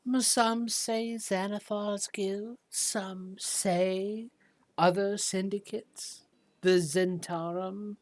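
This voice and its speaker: A woman's voice: mid-range voice, steady tone, extremely slow, a little mellow, no echo. A woman voicing an old woman who sells zombies, sweet-talking and coaxing, calling people dearie. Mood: sly.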